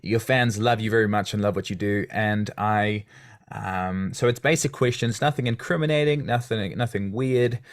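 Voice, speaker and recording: A man's voice: fairly low pitch, moderate pace. Friendly South African-born male podcast host. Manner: friendly, chatty questioning. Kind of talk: casual interview chat.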